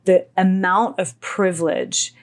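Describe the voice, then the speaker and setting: A woman with a fairly low voice co-hosts a podcast. She tells a personal story with candor and energy, sometimes sinking almost to a whisper. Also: slow pace. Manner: animated, acts out quoted dialogue, drops to near whispers. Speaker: podcast co-host.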